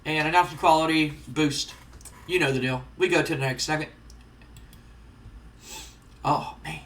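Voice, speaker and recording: A man's voice: on the high side, steady tone, a bit bright, distant mic, a little hiss or hum. A man casually recapping results and storylines while playing a wrestling management game. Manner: casual recapping, quick, chatty. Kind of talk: casual let's-play commentary. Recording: roomy, off-mic.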